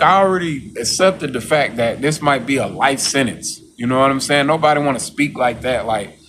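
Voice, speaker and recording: In this casual vlog, a man with a slightly bright voice preaches to the camera over slight background noise, circling back to the same phrases. He keeps repeating "you know what I'm saying" and imitates his coworkers mockingly in a high voice.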